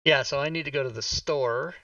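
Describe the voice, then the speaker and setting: A game master hosting a live tabletop game stream mutters to himself while fixing his setup, swearing under his breath. His medium-pitched voice is a little fast and sharp-toned, captured far from the mic on a dull lo-fi microphone, slightly off-mic, with no echo.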